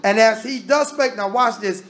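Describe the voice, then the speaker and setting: A man's voice: sits high, moderate pace, fairly bright tone. Man teaching Bible study. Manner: reads scripture aloud and explains it in plain talk; casual Southern American grammar.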